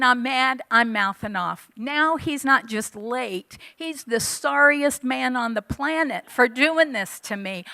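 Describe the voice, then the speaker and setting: A woman in her fifties giving a sermon, telling a personal story with animated delivery and acting out her own past lines. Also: a little high, takes it slowly, creaky, no echo. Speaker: church speaker. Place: church hall.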